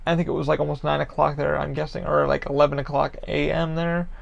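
A man's voice: fairly high pitch, little pitch movement, fast talker, creaky, dull audio. A man, a podcast host from the Orlando, Florida area, rambling casually and profanely about a frustrating order, with lots of fillers.

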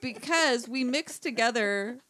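A woman's voice: a little high, lively intonation, measured pace, sharp tone, no echo. A middle-aged woman co-hosting a casual chat, rambling with lots of fillers and frequent giggles. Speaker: podcast co-host.

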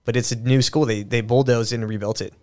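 A man's voice: mid-range voice, fairly even intonation, quick pace, darkish tone. A man hosting a podcast, talking in a loose, rambling way with restarts and fillers and plenty of swearing. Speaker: podcast host. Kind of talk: casual conversational commentary.

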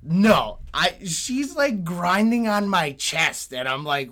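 A young man telling a story in casual chat, swearing often, laughing and getting animated. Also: high-pitched, a little slow, hardly any pauses.

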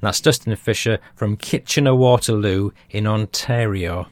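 Chatty British podcast host, low voice. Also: male voice, a little slow, no echo, studio quality. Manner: chatty, chuckles at his own jokes. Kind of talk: reading listener feedback.

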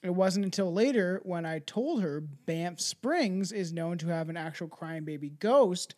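A podcast host chatting casually, animated and profane, jumping between asides and quick put-on voices. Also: medium pitch. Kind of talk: casual chat.

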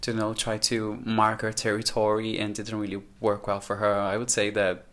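A man guesting on a podcast in relaxed, gossipy chat, often saying "you know" and giving blunt verdicts. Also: on the low side, normal speed.

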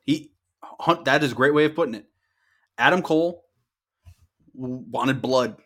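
A young man co-hosting a casual wrestling podcast, swearing freely and getting excited as he talks over his co-host. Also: medium pitch, unhurried.

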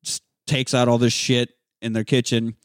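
A man casually recapping a movie with a co-host, profane and animated, acting out characters in sudden shouted voices. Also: mid-range voice, normal speed, smooth, no echo, clean studio sound. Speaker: podcast co-host.

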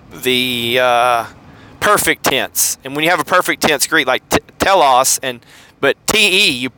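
A Southern-accented man, middle-aged, talks through a topic in a loose, meandering podcast monologue. His voice is bright and smooth, and he often stops to correct himself or reach for a word. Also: medium pitch, low-quality recording. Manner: rambling, self-correcting, with many fillers. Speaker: podcast host. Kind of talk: casual teaching monologue.

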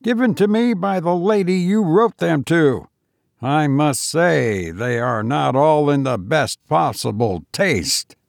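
A man's voice: on the high side, animated, takes it slowly, creaky, dry recording, studio quality, pitched above the performer's own voice, heavily acted. A man voicing a smug, sneering young schemer. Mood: mocking. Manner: mocking, light, smug.

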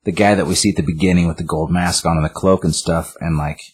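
A man co-hosting a casual podcast, recapping a comic in an animated, rambling way. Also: deep voice, fast, husky. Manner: animated, rambling, voices characters. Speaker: podcast co-host.

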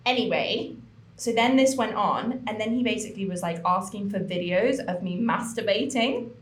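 A young woman co-hosting a podcast, telling a story in an animated way, with lots of swearing and fillers. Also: medium pitch, normal speed, roomy sound. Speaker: podcast co-host. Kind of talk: casual chat.

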